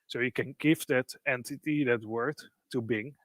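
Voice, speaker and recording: A man's voice: medium pitch, normal speed, fairly bright tone, no room sound. Man walking through a tech demo. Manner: explanatory, loose phrasing with frequent "kind of". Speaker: presenter. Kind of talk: live software demo walkthrough.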